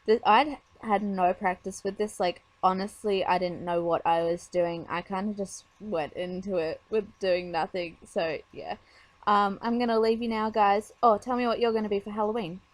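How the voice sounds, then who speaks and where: A woman's voice: medium pitch, fairly even intonation, normal speed, dry recording. A woman talking casually over her makeup tutorial, chatty and rambling with lots of fillers.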